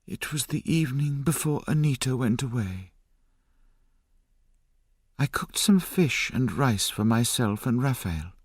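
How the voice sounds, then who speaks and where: A man's voice: mid-range voice, expressive, measured pace, pauses often, husky, no echo, studio quality, pitched above the performer's own voice. A man voicing a sorrowful dying mother. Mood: somber. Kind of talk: audiobook character reading.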